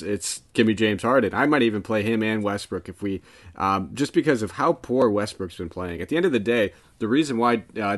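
Low-voiced man, eager sports chat. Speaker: podcast co-host. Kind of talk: casual sports betting chat.

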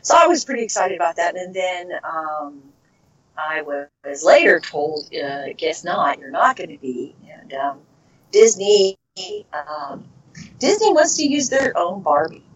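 Middle-aged voice actress chatting in an interview, wanders off topic a lot, kinda muffled recording. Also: female voice, fairly low pitch, sing-song, unhurried, distant mic, slight background noise. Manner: rambling, trails off into tangents. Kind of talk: casual interview storytelling. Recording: dull lo-fi recording.

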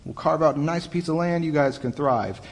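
Give me a young male youth pastor giving a chatty, lively sermon in a hall with a long reverb. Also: on the high side, moderate pace. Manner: conversational, animated retelling with restarts. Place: church hall.

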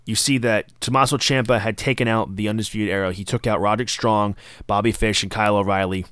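A man's voice: lowish voice, steady tone, fast, a bit bright, clean tone, no room sound, clean studio sound. A man hosting a podcast, reviewing wrestling events in a casual, enthusiastic monologue and sometimes acting out lines. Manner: enthusiastic, acts out quoted lines. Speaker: podcast host.

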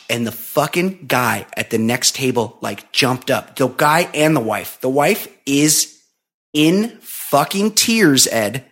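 A man's voice: medium pitch, a little slow. A man in his forties, a podcast host, telling a story in casual chat with lots of swearing. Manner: profane, animated storytelling.

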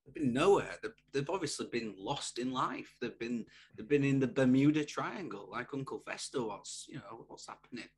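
A man's voice: mid-range voice, lively intonation, moderate pace, hardly any pauses, breathy edge. A man co-hosting a casual podcast, playful and teasing in his banter. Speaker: podcast co-host.

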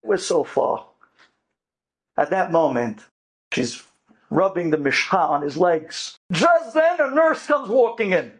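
Man, rabbi storyteller, animated and dramatic, high-pitched voice. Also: normal speed, creaky, slightly rough. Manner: animated, dramatic, mixes in Hebrew words. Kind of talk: lively storytelling talk.

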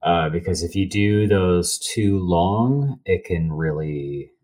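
A man's voice: low-pitched, takes it slowly, darkish tone. A young man, a voice actor, talking loosely in a casual interview and laughing between thoughts. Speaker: voice actor guest.

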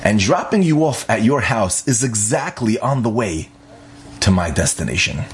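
A young man casually telling a personal story, animated, acting out the dialogue and laughing often. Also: on the low side, moderate pace.

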